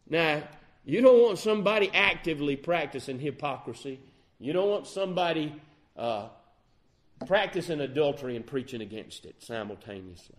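Brief: male preacher, sermon delivery, higher voice with wide swings in pitch, scripture quoting. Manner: lively preaching, quotes scripture, rises and drops in volume.

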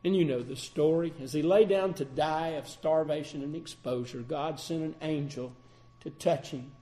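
A man preaching a sermon, swinging between loud declarations and hushed passages. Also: fairly high pitch, moderate pace.

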